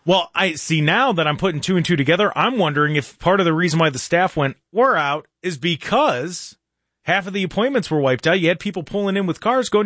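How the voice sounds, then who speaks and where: A man's voice: high-pitched, lively intonation, fairly quick, fairly bright tone, no room sound. Chatty male show host, dry close sound. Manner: chatty, rambling, frequent restarts and fillers. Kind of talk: casual live-stream show chat.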